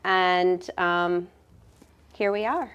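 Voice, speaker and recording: A woman's voice: lowish voice, fairly bright tone, clear, resonant tone, highs cut off. Hesitant woman. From Northern Ohio, USA. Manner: measured, hesitant, lots of ums. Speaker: guest, business owner. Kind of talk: conversational interview answers.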